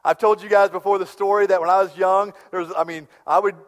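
Man, middle-aged pastor, sermon, fairly high voice, hushed-to-loud storytelling, long hall reverb. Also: steady tone, fast talker.

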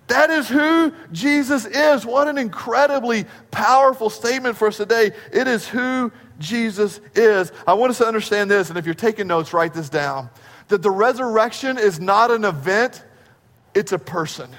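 High-voiced man preaching in a reverberant hall. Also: fairly bright tone. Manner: emphatic, slows right down to stress key phrases; asks the congregation rhetorical questions. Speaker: pastor. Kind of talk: sermon. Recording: long reverb of a large hall.

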